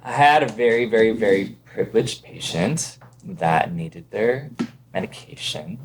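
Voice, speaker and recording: A man's voice: lowish voice, unhurried, slight background noise. A man from Ontario, Canada, a podcast guest telling casual stories and acting out the other voices in them. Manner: animated, acts out quoted voices. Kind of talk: casual storytelling.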